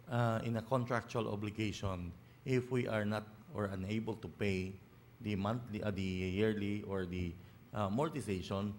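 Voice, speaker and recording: A man, a city council member giving a formal rejoinder, halting with many fillers and addressing the chair. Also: lowish voice, a little hiss or hum. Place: city council session hall.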